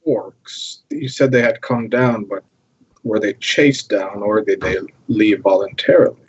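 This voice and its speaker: Male player, husky voice, formal scheming tone, muffled lo-fi audio. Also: fairly low pitch, measured pace. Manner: formal, scheming in-character phrasing. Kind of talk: casual tabletop play.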